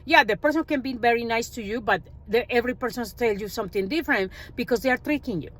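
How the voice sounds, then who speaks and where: A woman speaking English as a second language, her first being Spanish, telling an animated personal finance story in a casual vlog and acting out what others said. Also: on the high side, quick pace. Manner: animated storytelling, acts out quoted dialogue, non-native grammar.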